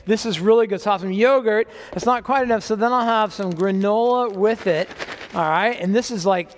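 High-voiced pastor in a reverberant hall. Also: male voice, brisk, a little hiss or hum. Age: older. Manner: conversational, self-deprecating humor. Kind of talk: sermon.

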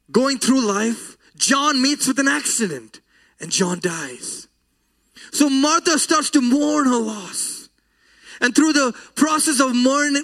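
A man's voice: very high voice, a bit bright. A man preaching a sermon, telling a story in an earnest, emotional way. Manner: earnest, emotional, slow deliberate delivery.

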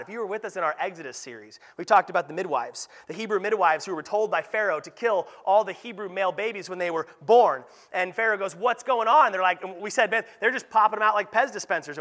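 A male pastor delivering a conversational sermon, often tagging his points with "right?" and acting out little voices and beeping sounds. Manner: lively, conversational preaching with frequent "right?" asides; acts out voices and sound effects with a raised pitch.

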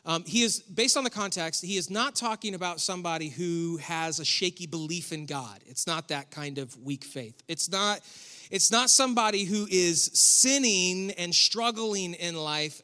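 Bright high-voiced male pastor preaching. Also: moderate pace, big-room sound. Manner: conversational, joking, with sarcastic asides. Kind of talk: sermon. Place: church hall.

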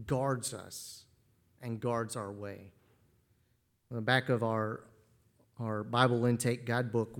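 A man preaching a sermon as pastor, earnest and given to repeating words as he starts a phrase. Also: medium pitch.

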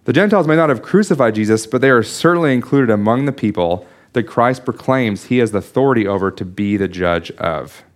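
A man's voice: mid-range voice, lively intonation, fairly quick, hardly any pauses. A man preaching a sermon, explaining a Bible passage in an earnest teaching manner with frequent restarts and small asides. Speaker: pastor.

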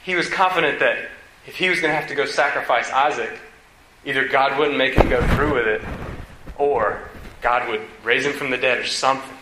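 A male preacher works through scripture, reading passages aloud and then stopping to question them in an animated way. His tone is very bright and forward. The room around him is echoey, with a faint hiss underneath. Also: medium pitch, moderate pace. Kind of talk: expository sermon reading scripture.

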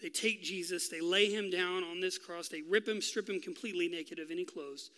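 A male pastor preaching a sermon, telling a story with drama and dropping to a hush for key lines. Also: high-pitched, fairly even intonation, a little fast, long reverb tail. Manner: dramatic storytelling, swinging from loud to hushed.

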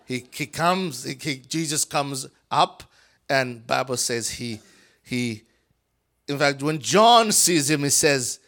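A man from Africa, a guest preacher, telling a Bible story in an animated sermon, acting out voices and swinging from whispers to shouts. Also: mid-range voice, slow pace.

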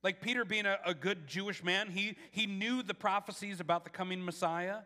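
A man gives a conversational sermon, often doubling his words as he starts his thoughts. His voice sits high and sounds bright and forceful. A long reverb from a large hall trails each phrase. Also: steady tone, a little fast. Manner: conversational, repeats words when starting sentences. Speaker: pastor.

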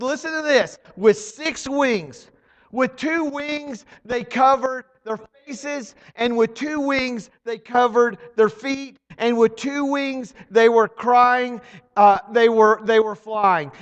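Preacher, man, middle-aged: slow, dramatic, drops to a hush then shouts; long church reverb. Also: very high-pitched. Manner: swings from hushed to shouted, dramatic emphasis. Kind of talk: sermon. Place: church hall.

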